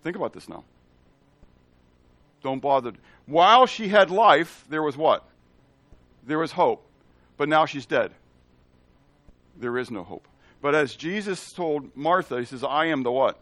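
A man giving an animated Bible teaching, asking the listeners questions and acting out the lines of the people in the story. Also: fairly high pitch, a little slow, pauses often, dry recording.

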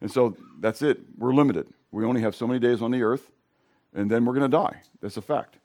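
A middle-aged male pastor with a hoarse voice, preaching in a casual, conversational way and questioning his congregation. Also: mid-range voice, a little fast, darkish tone. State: hoarse from sinus drainage. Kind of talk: sermon.

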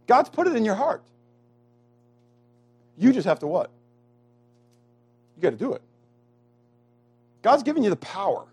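A man preaching with a voice pitched a little above most men's. He draws the congregation in with questions, leans hard on key words with deliberate slowness, and drops from near-shouts to hushed, low asides. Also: big pitch swings, husky. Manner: asks the congregation questions and waits for answers; swings from loud emphatic lines to hushed low asides. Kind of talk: sermon.

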